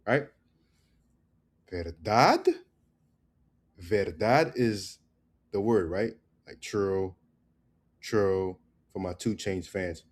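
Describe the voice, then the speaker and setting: Laid-back low-voiced man teaching pronunciation. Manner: loose, joking, repeats words slowly. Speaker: Spanish teacher. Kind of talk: casual pronunciation lesson.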